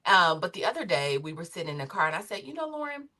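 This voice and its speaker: A woman chatting on a podcast, telling stories about her teenage daughter in a playful, expressive way. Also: sits low, quick pace. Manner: lively, expressive, playful storytelling. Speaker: podcast co-host. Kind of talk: casual podcast conversation.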